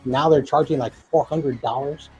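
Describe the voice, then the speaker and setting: A man's voice: medium pitch, fairly even intonation, normal speed, highs cut off, over music. A man co-hosting a live football stream in casual chat, rambling, joking and often losing his train of thought.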